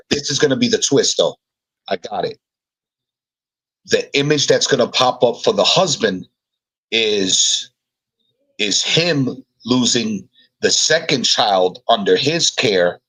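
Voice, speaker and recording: Man, low voice, casual podcast brainstorm, slow repetitive thinking aloud. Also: expressive, sharp tone, slightly rough, rough recording. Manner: thinks aloud, repeats words while writing notes. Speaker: podcast co-host.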